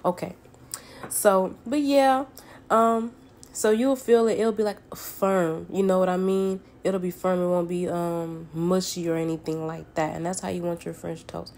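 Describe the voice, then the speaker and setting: Low-voiced Southern woman chatting while cooking. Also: fairly even intonation, a little slow, a little mellow, slight background noise. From Southern United States. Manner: folksy and chatty, calls viewers honey and baby. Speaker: home cook. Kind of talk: casual cooking tutorial chat. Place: home kitchen at the stove.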